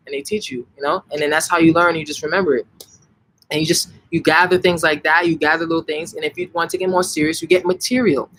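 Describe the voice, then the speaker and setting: A young man, casually answering viewer questions live, emphatic and animated, often restarting his sentences. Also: on the high side, fast talker, poor audio. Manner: animated, emphatic, frequent self-corrections and "like". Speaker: language-learning channel host answering viewer questions.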